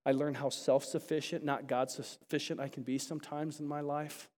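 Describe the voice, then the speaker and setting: A man preaching a sermon to a congregation, chatty with restarts and then rising to animated, emphatic bursts. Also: a little high, moderate pace. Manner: chatty asides, frequent restarts. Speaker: pastor. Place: large church sanctuary. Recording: long hall reverb.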